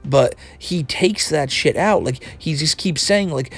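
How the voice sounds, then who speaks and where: A man's voice: fairly high pitch, a little slow, vocal fry, breathy edge. A man hosting a casual video commentary, rambling and swearing freely. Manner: rambling, profane, restarts a lot. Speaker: commentary host.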